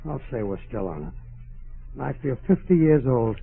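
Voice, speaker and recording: A man's voice: mid-range voice, sing-song, normal speed, vocal fry, slightly rough, heavily acted. A man playing a starving, put-upon husband, whiny and exasperated, in 1940s radio sitcom acting. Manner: whiny, exasperated, comic pleading. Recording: tinny old radio broadcast.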